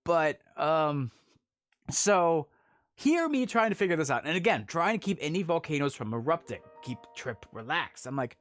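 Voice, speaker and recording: A man chatting casually with his stream audience as he tells a story, animated and often laughing. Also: a little high, normal speed, soft background music. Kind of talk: casual story time chat.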